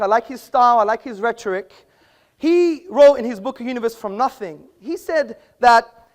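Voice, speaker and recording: A man's voice: extremely high pitch, lively intonation, fairly quick. Argumentative man giving a debate speech. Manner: argumentative, lecturing, rhetorical questions. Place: auditorium.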